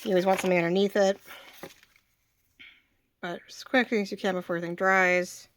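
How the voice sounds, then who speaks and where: A woman's voice: mid-range voice, little pitch movement, a little fast. A woman in her forties hosting a casual craft tutorial, chatty and rambling, often restarting her sentences as she works. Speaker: craft channel host.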